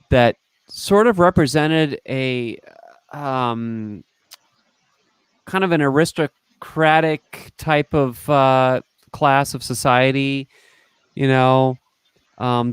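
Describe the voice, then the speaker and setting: A man's voice: medium pitch, smooth, dry recording. A man from Northern California hosting a casual live-stream chat, rambling and losing his train of thought. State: has had a beer. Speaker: host.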